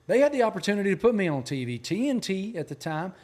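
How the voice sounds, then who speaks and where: Animated Southern man telling stories. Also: sits high, fast. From Appalachia, Virginia. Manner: animated, emphatic storyteller. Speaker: sports journalist guest. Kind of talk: storytelling interview talk.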